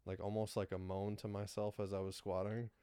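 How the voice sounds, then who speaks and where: A man's voice: lowish voice, level tone, a little fast, mellow, clean tone, dry recording. A young man co-hosting a podcast in casual chat, rambling with lots of fillers and frequent laughs. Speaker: podcast co-host.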